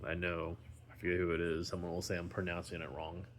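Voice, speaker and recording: A man talking casually in a daily vlog, rambling slowly with many ums and restarts while recovering at home and sounding tired. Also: low voice, monotone, slight background noise. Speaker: vlogger.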